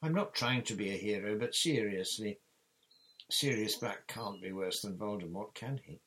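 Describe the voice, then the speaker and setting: A man's voice: lowish voice, normal speed, a bit bright, lightly acted. A man voicing an earnest, stubborn teenage boy wizard in a storybook reading.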